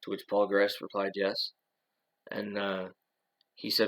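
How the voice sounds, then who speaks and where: A man's voice: fairly low pitch, monotone, unhurried, a bit bright, poor audio. A man talking on his own in a loose, rambling monologue, full of "uh" and "you know" and restarted sentences. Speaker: channel host. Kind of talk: casual monologue.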